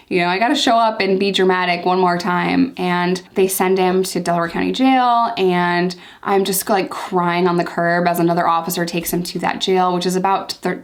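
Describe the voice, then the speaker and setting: A young woman in a casual story-time vlog, talking candidly and emphatically and repeating herself for emphasis. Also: fairly low pitch. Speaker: vlogger telling her life story.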